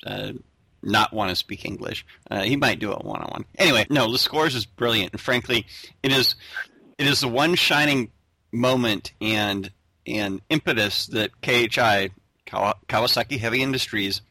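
A man's voice: medium pitch, moderate pace, creaky, bright, forceful tone, dry recording. A man hosting a racing podcast, talking casually and rambling with many fillers. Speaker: podcast host. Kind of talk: casual chat.

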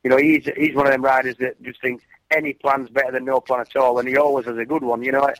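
In a casual chat, a man who used to race and now appears as a commentator guest tells stories animatedly, with many restarts. He talks fast in a medium-pitched voice, captured on a rough recording with no echo.

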